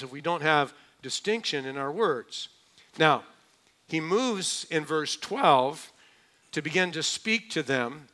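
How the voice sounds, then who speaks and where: A man's voice: on the high side, a bit bright. A middle-aged man preaching a verse-by-verse sermon as pastor, conversational with joking asides. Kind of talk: expository sermon.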